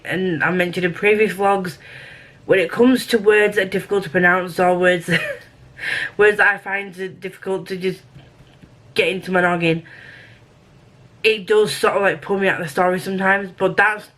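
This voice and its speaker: A woman's voice: medium pitch, level tone, normal speed, long pauses, a bit bright, rough recording. A British woman chatting casually in a book review vlog, rambling and self-deprecating, often restarting her sentences.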